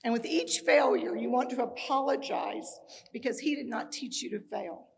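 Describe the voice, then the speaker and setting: Speaking at a moderate pace in a slightly high, creaky voice, a middle-aged Kansas woman gives a tribute speech at a ceremony. She fills it with humorous anecdotes, acting out the dialogue.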